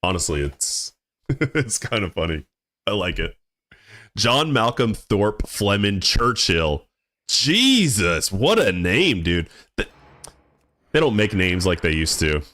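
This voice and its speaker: A man's voice: fairly low pitch, big pitch swings, slow pace, pushed and bright, no room sound. A young man streaming a game, chatting casually with his viewers in a laid-back, rambling way that stumbles and repeats words. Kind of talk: casual live-stream chat while gaming.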